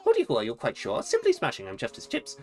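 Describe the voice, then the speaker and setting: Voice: medium pitch, wildly swooping pitch, fast, gravelly, darkish tone, soft background music, voice pushed up. A gamer voicing a fussy, chatty male owl museum curator who exclaims over fossils in a prim, old-fashioned way. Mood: delighted. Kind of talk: reading game dialogue aloud in a voice.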